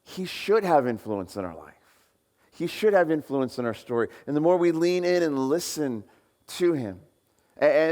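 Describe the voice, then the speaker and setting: A man's voice: mid-range voice, moderate pace, darkish tone. Conversational male pastor in a reverberant hall. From United States. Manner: conversational, asks the congregation questions. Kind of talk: sermon. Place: church hall.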